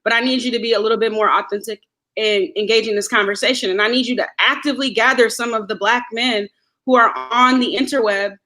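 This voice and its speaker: A young woman in her twenties talking as a guest in a casual podcast chat, emphatic and wry, with quick asides. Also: a little high, steady tone, sharp tone.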